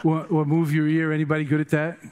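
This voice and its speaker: An older man, teaching a group, tells meditation stories in a loose, joking storytelling dharma talk, drifting from one anecdote to the next in a chatty, humorous, digressive way. His voice is a little high and monotone, he talks fast, and the background is noisy.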